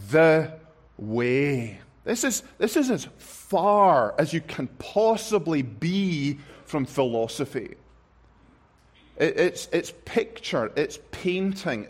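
Slow, emphatic high-voiced male preacher. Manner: slow, emphatic preaching with words stressed one by one; repeats phrases for effect. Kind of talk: sermon.

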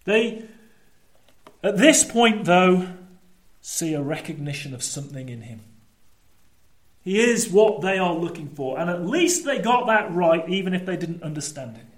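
A man preaching a sermon, animated, swinging between lively storytelling and low, emphatic asides. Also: a little slow, pauses often. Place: church. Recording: echoey church room.

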